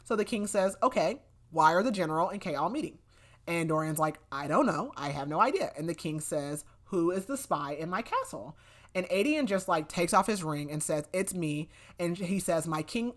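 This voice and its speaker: A young woman with a notably low voice hosts a podcast, breezily summarizing a novel. She talks casually, leans on "like" and "whatever", and slips into quick, loose versions of what the characters said. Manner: chatty, many "like" fillers, acts out quotes loosely. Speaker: podcast host. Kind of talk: casual book recap.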